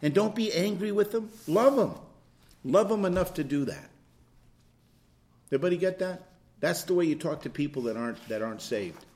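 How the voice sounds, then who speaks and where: A man's voice: high voice, normal speed, long pauses. A man leading an informal Bible study, teaching animatedly and acting out little scenes of dialogue. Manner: animated, plays out quoted dialogue with swings from loud to hushed.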